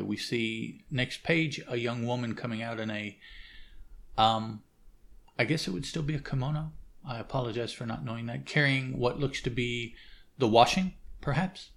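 A man casually reading a comic aloud, describing the panels in an unhurried, hesitant way with many fillers and asides. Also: medium pitch, gravelly. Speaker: comic reader and podcast host. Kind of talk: casual comic read-along narration.

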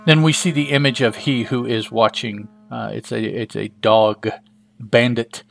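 Casting: chatty comic reviewer, gravelly, offhand asides. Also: male voice, medium pitch, fairly even intonation, a little slow, soft background music. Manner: casual, chatty, asides and fillers. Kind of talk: casual comic read-through.

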